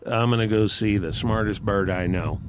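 A man's voice: fairly low pitch, normal speed, background noise, natural voice. Brief: a troubled raven father-to-be in a storybook tale, flustered and earnest, voiced by a man. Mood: worried. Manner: earnest, anxious, a little stammering. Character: worried male raven, a troubled husband.

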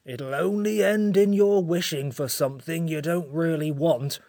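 A man's voice: fairly high pitch, measured pace, a little mellow, dry recording, studio quality. A man voicing a grumpy, sleepy sand-fairy creature in a storybook reading, cold and scolding in manner.

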